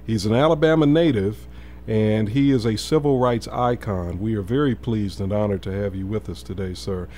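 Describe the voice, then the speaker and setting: A man hosting a talk show, interviewing a guest with hesitant, halting questions. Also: fairly low pitch, warm tone, a little hiss or hum. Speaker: radio show host.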